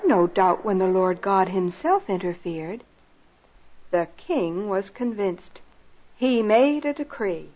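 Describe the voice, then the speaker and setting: A woman narrating a rhyming children's story and lesson in a slow, expressive, sing-song way, on a lo-fi recording. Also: mid-range voice, a little hiss or hum. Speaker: narrator and teacher. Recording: lo-fi recording with soft music.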